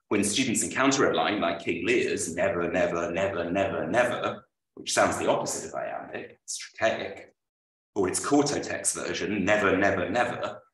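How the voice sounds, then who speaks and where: A man, an author, reading a prepared lecture aloud at a book launch, with measured, dryly witty delivery. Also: low voice, fairly bright tone. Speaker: author presenting his book. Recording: roomy, voice from far off.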